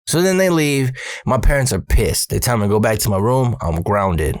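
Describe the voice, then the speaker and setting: A man's voice: lowish voice, big pitch swings, moderate pace, dry recording, clean studio sound. A man casually telling a personal story, slangy and profane.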